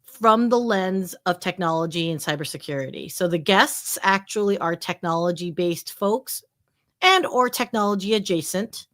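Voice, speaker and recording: A woman's voice: lowish voice, normal speed, fairly bright tone. A woman guest on a casual live stream, chatting playfully about tech and movies. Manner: playful, chatty, laughs easily. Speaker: guest, tech show host.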